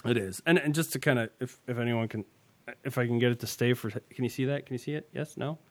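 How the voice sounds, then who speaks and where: A man's voice: mid-range voice, fast, a little mellow. A man hosting a casual podcast, rambling and self-deprecating, laughing often as he talks. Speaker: podcast host. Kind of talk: casual tech podcast chat.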